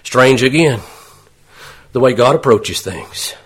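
Man, preacher, sermon, husky voice, folksy plain talk, rhetorical questions. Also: medium pitch, lively intonation, slow pace, fairly bright tone.

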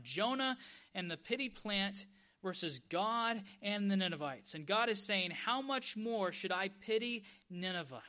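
A man preaching a sermon as pastor, stressing key words by drawing them out slowly. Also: high-pitched, bright, forceful tone.

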